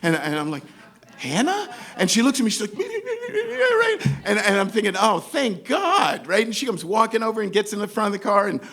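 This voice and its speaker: Barely pausing, a high-pitched New Yorker races through a comic story from his life in front of a live audience. He's animated and acts out each character's voice as he goes.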